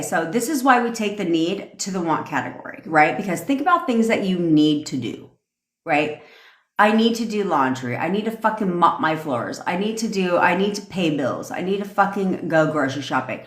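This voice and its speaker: A woman manifestation coach ranting on a livestream, blunt and profane, cheering on viewer comments as she talks. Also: on the low side. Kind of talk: livestream rant. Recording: roomy echoey room.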